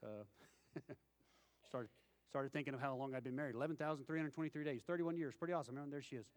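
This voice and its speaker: A man's voice: medium pitch, fast talker. A man, preaching a sermon and telling folksy stories, acting out the voices of the people in them. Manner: folksy storytelling with acted-out quotes. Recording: long hall reverb.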